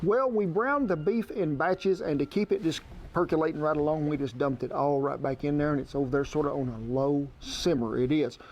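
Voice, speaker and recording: A man's voice: on the high side, brisk, hardly any pauses, darkish tone, slight background noise. A man hosting a cooking show, talking folksy and homespun while he demonstrates outdoors. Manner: homespun, colloquial, chatty.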